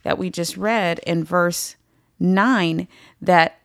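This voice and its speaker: A woman's voice: fairly low pitch, fairly even intonation, drawn-out words, gravelly, dry recording, studio quality. A woman leading a Bible study, teaching emphatically and repeating phrases for stress.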